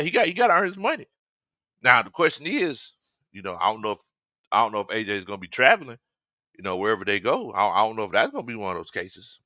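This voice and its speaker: A man's voice: lowish voice, bright, forceful tone, no room sound, studio quality. A man hosting a casual sports talk stream, joking, laughing often and reading fan comments. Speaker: sports talk show host.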